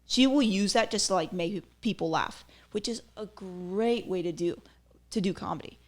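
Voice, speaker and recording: A woman's voice: mid-range voice, moderate pace. Chatty opinionated woman podcast host. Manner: chatty, opinionated, many fillers. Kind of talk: casual commentary.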